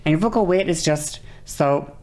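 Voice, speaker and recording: A woman's voice: moderate pace, a little mellow. A woman streamer explaining vocal control in casual, rambling talk, swearing freely and checking in with "okay" often. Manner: demonstrates voice changes with whispery and high vocal sounds.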